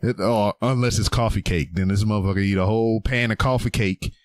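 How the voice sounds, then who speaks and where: Chill crude dude, lowish voice, dry close sound. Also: male voice, a little fast, no echo. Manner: laid-back, crude, short replies. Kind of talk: casual chat.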